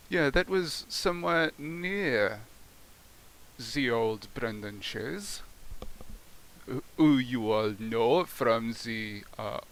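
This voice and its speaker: Slow, mock-polite prank caller. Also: male voice, mid-range voice. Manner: playful, mock-polite, deadpan. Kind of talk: prank phone call and casual commentary. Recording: faint hiss behind the voice.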